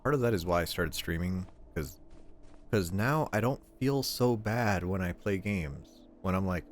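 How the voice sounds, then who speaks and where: A man's voice: deep voice, lively intonation, a little slow, soft background music. A young man streaming and chatting casually, rambling and repeating his words as he goes. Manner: rambling, repeats words, quotes family in voices. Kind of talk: casual chat.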